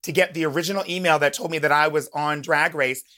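Bright-voiced woman telling a lively story. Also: deep voice, quick pace. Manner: animated storyteller who acts out quoted voices. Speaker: podcast guest. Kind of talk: casual podcast chat.

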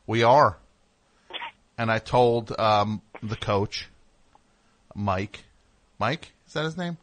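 A man hosting a comedic call-in radio show, sarcastic and incredulous, riffing deadpan bits with a caller. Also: lowish voice, takes it slowly, no room sound. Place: radio studio. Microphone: studio mic.

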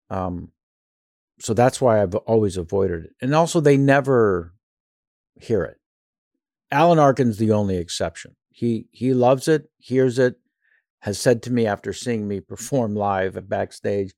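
A man's voice: fairly low pitch, darkish tone, no room sound, studio quality. A male actor and impressionist telling rambling, self-deprecating stories in a casual interview.

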